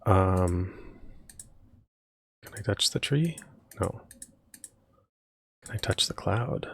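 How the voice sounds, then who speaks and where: A man's voice: low voice, lively intonation, drawn-out words, gravelly, a bit bright, a little hiss or hum. A man giving wry, hesitant commentary as he plays a retro adventure game. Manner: dry, wry, hesitant with many ums. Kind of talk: casual let's play commentary.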